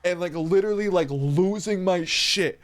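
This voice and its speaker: A man's voice: high-pitched, moderate pace. A young man streaming live, telling a rambling, profane story and laughing a lot.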